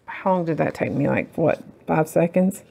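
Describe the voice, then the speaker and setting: A woman's voice: deep voice, lively intonation, normal speed, gravelly, mellow, slightly rough. A woman hosting a casual crafting tutorial, rambling and self-deprecating as she works. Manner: rambling, self-deprecating, talks while working.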